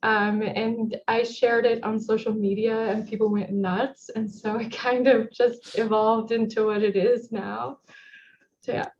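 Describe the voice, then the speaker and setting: A woman's voice: on the high side, flat delivery, measured pace, a little mellow. A young woman game developer chatting in an interview, friendly and rambling with many ums. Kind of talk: casual interview chat. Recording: dull lo-fi mic with faint noise.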